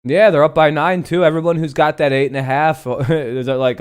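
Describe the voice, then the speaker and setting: Smooth-voiced streamer man, chatty. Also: on the high side, fairly even intonation, moderate pace, hardly any pauses. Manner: chatty, reads viewer names, swears freely. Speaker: live stream host. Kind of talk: casual live-stream chat over a game.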